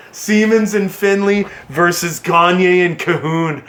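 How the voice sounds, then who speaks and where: A man giving excitable play-by-play commentary on a hockey video game he is playing, cheering and groaning at his team. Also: a little high, measured pace. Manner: excitable play-by-play, yelling at the players. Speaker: gaming channel host.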